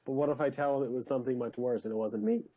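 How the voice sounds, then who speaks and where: A man's voice: mid-range voice, fairly even intonation, very fast. A man playing his character in a tabletop game, joking and often restarting his sentences. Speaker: player. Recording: dull lo-fi sound.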